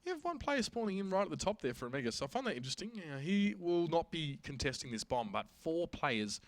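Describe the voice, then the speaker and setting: A man giving colour commentary on an esports match, analysing strategy in a chatty way and getting louder when the plays heat up. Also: a little high, sing-song, quick pace, no room sound. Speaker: esports caster.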